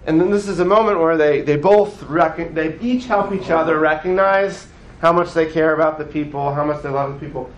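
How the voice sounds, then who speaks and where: A man teaching a class as a rabbi, in casual classroom style, animated and often checking in with his listeners. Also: on the high side, a little fast, few pauses, roomy sound, dull audio, a little hiss or hum. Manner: animated, acts out voices of the story, frequent "right?".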